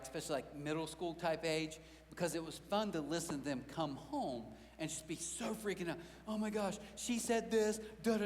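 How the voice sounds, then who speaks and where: A man's voice: a little high, big-room sound. A middle-aged man preaching a sermon as pastor, telling stories with self-mocking humor and acting out quotes. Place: large church auditorium.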